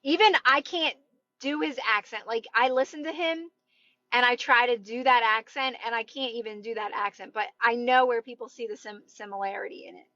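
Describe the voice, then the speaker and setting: A woman's voice: fairly high pitch, normal speed, sharp tone, no room sound, lo-fi sound. A woman in her thirties with a Delaware County, Philadelphia-area accent, chatting casually on a live stream, rambling and greeting viewers. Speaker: TikTok live host. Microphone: phone.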